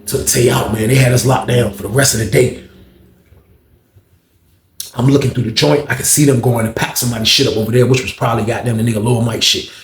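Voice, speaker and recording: A man tells a personal story at a quick clip, casual and heavily profane. He acts out the people in it, jumping much higher in pitch for their lines. His voice rings in an echoey room. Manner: animated, profane, acts out quoted voices with big jumps up in pitch. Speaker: storyteller vlogger.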